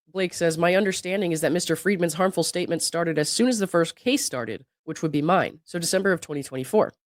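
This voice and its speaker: A mid-range-voiced legal commentary host, sick and sounding below his best, reads a deposition transcript while interrupting with skeptical asides and laughter, though he reads the quotes themselves evenly. The recording is dry and clean, with a studio sound.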